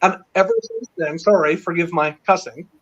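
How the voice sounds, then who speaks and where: A middle-aged man telling a long story in casual chat, rambling and excited, with many fillers. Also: on the high side, moderate pace. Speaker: panel guest. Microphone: video call. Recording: dull lo-fi online call audio.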